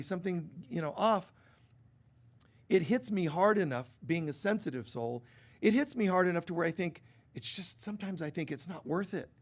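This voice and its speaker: Man, middle-aged, pastor, sermon, slightly high voice, chatty, acts out quotes. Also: creaky. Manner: conversational, acts out quoted voices, swings from loud to hushed.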